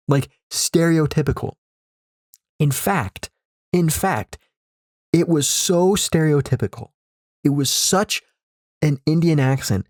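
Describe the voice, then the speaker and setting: This podcast host's voice is mid-range with a darkish tone, recorded cleanly in a studio with no room sound. Into his studio mic he rants sarcastically for comic effect, cursing and circling back over the same points.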